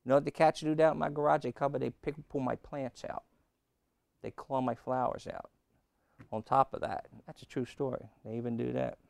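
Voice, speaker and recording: A pastor preaching a sermon and telling a humorous story, with lots of rhetorical questions. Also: male voice, mid-range voice, flat delivery, brisk, gravelly, no echo. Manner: humorous, repeats key lines.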